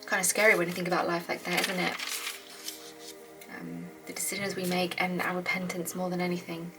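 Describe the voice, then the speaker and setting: A woman's voice: on the low side, animated, fairly quick, poor audio. A woman hosting a Bible study, reading old scripture aloud and then commenting in an earnest, heartfelt way as she thinks aloud. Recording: clear background music under the voice.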